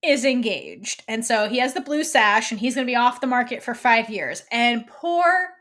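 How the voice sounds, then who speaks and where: Podcast lady recapping an episode, kinda high bright voice, super animated. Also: normal speed. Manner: animated retelling, slips into quoted voices. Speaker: podcast co-host.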